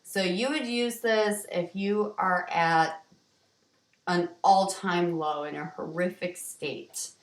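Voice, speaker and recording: Woman, teacher, vocabulary lesson, slow and explanatory, echoey distant recording. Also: lowish voice, steady tone. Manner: slow, explanatory, with ums and restarts. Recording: roomy, distant from the mic.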